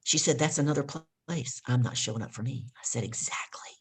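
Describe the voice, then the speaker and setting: Husky-voiced woman coaching emphatically. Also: a bass voice, quick pace. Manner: emphatic, repeats key points. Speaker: guest, life coach. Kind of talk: energetic coaching storytelling.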